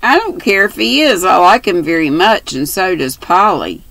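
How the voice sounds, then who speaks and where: A woman's voice: on the low side, big pitch swings, moderate pace, creaky, a bit bright, dry recording, voice pushed up, heavily acted, rough recording. Earnest little girl, read by a woman.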